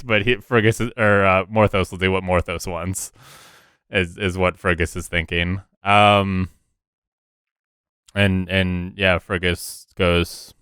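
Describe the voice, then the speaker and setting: A man plays a tabletop game and narrates his character, stopping and restarting as he goes. His voice is low and clear. The sound is close and dry. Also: fairly even intonation, bright, forceful tone, no room sound. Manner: halting, many restarts and fillers. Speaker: player.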